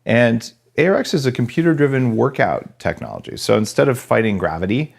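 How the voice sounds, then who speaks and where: A man's voice: mid-range voice, sing-song, fairly quick, creaky. A man from New Mexico hosting a podcast interview, chatty and fond of jokes. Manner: chatty, joking. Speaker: podcast host.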